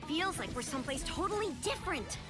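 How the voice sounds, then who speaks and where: A very high, excitable game hero. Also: female voice, quick pace. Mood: excited. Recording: game trailer audio over loud music. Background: loud music.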